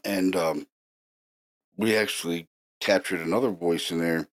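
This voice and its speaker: Casting: deep-voiced male host, casual storyteller, animated and excited, filler-heavy. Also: a little slow. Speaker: paranormal investigator host.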